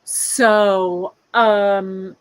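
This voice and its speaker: A woman in her fifties hosts a live craft stream from her workbench. She talks slowly and unhurriedly, rambling warmly between asides to her viewers and her cat. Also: medium pitch, fairly even intonation, clear, resonant tone, low-quality recording. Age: 50s. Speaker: host of a live beading show. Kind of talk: casual live-stream chat. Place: workshop bench, indoors.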